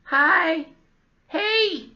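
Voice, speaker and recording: A man voicing a whiny old man with a baby's face, in a squeaky falsetto. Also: expressive, very slow, bright, forceful tone, lo-fi sound, heavily acted. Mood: chirpy.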